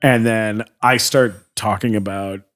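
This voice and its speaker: A man's voice: lowish voice, steady tone, a little slow, a bit bright. A man from Canada telling a story casually as a podcast guest, acting out quotes and using many fillers.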